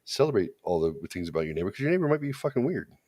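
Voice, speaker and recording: A very low-voiced man holds forth on a podcast. He talks casually, is blunt and crude, and often restarts his sentences as he goes. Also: big pitch swings, rapid-fire, dark tone. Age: adult parent. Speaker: podcast co-host. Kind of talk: casual opinionated chat.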